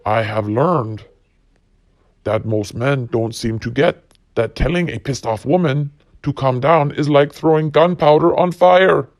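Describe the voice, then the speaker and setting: A man's voice: medium pitch, a little slow, dry recording. A man hosting a solo podcast, ranting bluntly and profanely while reading quotes. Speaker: podcast host.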